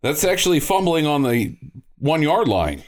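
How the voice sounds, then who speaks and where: Jokey male podcast co-host retelling a film plot, with a very animated, up-and-down delivery. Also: fairly high pitch, normal speed. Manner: jokey, recaps plots by acting out lines. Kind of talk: casual movie recap chat.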